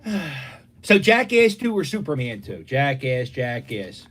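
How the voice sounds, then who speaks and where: Streaming from the dining room of his home, this middle-aged Philly man rambles casually through stories in a mid-range, sing-song, slightly bright voice that's a little slow. His pitch jumps up and down often, and he voices the people in his anecdotes.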